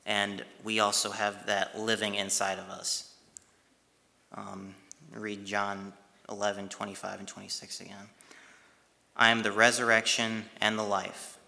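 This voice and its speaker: A man retelling a Bible passage and reflecting on it in a devotional talk, speaking haltingly with pauses and restarts. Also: on the low side, creaky, bright, forceful tone. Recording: long hall reverb.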